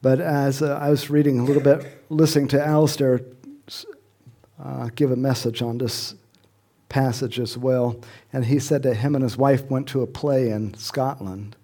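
A man's voice: medium pitch, steady tone, normal speed, dark tone. A middle-aged man preaching a sermon in a conversational way, chuckling often and rising to emphatic questions. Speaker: pastor.

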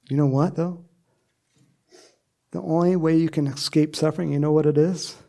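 A man preaching a sermon in a lively way, acting out quoted voices and laughing often. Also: fairly high pitch, measured pace, vocal fry. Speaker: pastor.

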